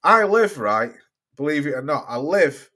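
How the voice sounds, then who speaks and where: His voice sits a little high, swings widely in pitch and sounds pushed and bright, delivered a little slowly. He's a boxing livestreamer from Cheshire, England, with a blended Cheshire and Staffordshire accent, swearing and rambling as he casually chats through viewer comments.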